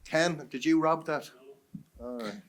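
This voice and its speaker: A man's voice: on the high side, unhurried, noisy background. A man chairing a live conference session, bantering with the speakers and audience in a jokey way. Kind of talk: live event hosting. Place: conference room.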